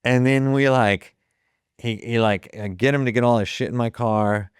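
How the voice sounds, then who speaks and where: A man's voice: mid-range voice, moderate pace, smooth, no room sound, studio quality. A man in his fifties from Ohio, a guest telling a story with lots of profanity and acted-out quotes. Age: 50s. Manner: profane, vivid retelling that acts out the quoted dialogue. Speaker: guest, photographer. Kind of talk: casual storytelling.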